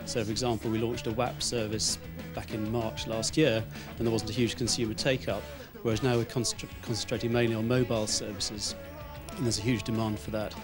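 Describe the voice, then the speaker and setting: A man interviewed about his business, measured and a little hesitant. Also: lowish voice, little pitch movement, over music.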